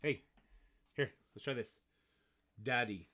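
A man's voice: medium pitch, normal speed, a little hiss or hum. A man streaming a game, chatting casually and playfully coaching his toddler to speak. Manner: playful, coaxing, teaching a toddler to talk. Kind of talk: casual livestream chat.

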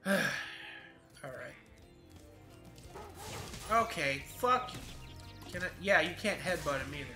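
Young male let's-player, very bright, slightly high voice, chatty and foul-mouthed. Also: slow pace, pauses often, soft background music. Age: 20s. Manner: profane, rambling, chatty. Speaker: gameplay commentator. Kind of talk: casual let's-play commentary.

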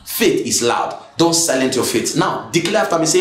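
A man with a Nigerian English accent preaching a sermon, emphatic and repetitive, bursting into shouts. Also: on the high side, animated, normal speed, few pauses, roomy sound, soft background music.

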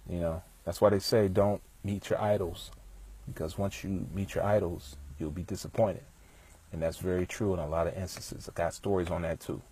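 A man talking outdoors in a relaxed, rambling way, passing on music industry advice full of fillers. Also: deep voice, normal speed, slightly rough. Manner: laid-back, rambling, many fillers. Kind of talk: casual storytelling monologue. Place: outdoors, with bees around.

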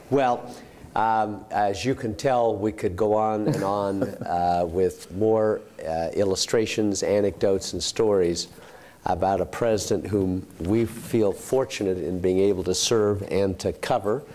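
A man's voice: fairly low pitch, steady tone, slow pace, a little mellow. A man moderating a forum, closing the panel and thanking the speakers.

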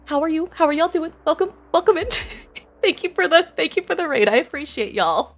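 Bubbly lively streamer woman. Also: high voice, fairly quick. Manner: bubbly, excitable, laughs often, swears casually, says y'all. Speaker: Twitch streamer. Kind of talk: casual live-stream chat while gaming.

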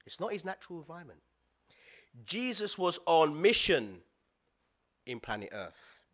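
A man preaching a sermon as pastor, lively and playful, with slang and asides to the congregation. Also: on the high side, measured pace.

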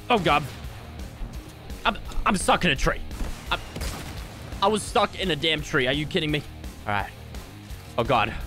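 Young male gamer, jokey and excitable, slightly high voice with a bright edge. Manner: excitable and jokey, with sudden yelps. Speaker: gaming YouTuber. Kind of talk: gameplay commentary.

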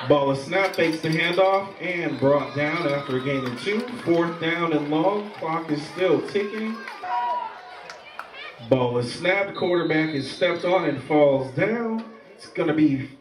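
A man calls a youth football game play by play, calm and steady as each snap unfolds. His voice sits a bit high and comes from a distance, echoing over the field. A loud crowd and steady noise fill the background. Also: a little slow. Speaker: play-by-play commentator.

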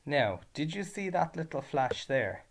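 Slow, patient Irish male teacher. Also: on the high side, sing-song, gravelly. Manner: slow, patient, spells out words by syllable. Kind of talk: revision lesson narration.

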